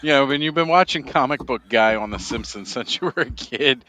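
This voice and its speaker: A man's voice: mid-range voice, animated, fairly quick, sharp tone, slight background noise. Laid-back man hosting a livestream. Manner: laid-back, laughs often, says "like" a lot. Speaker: livestream host. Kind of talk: casual chat. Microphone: video call.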